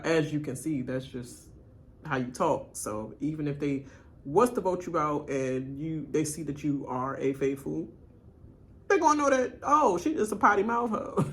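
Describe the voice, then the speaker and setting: A woman hosting a reaction video, giving casual, blunt commentary. She laughs often, trash-talks freely, and swings between loud outbursts and quiet asides. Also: deep voice. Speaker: reaction channel host.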